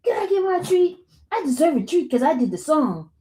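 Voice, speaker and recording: A woman voicing her pet dog as an eager pup pleading for a treat, in a quick, wheedling tone. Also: high-pitched, very animated, mellow, a little hiss or hum.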